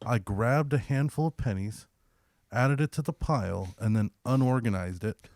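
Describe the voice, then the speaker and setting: A man's voice: mid-range voice, normal speed, dry recording. A young man's mid-range voice spins a casual, profane story and slips into voices for the people in it. The sound is dry and close, with no room around it. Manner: profane, animated storyteller who acts out quotes. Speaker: podcast co-host.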